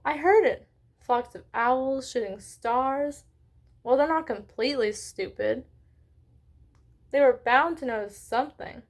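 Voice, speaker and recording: A woman acting out a sharp-tongued older professor in a storybook reading. She snaps and sighs with impatience, her voice pitched a little high. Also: measured pace, pauses often. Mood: impatient. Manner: clipped and exasperated.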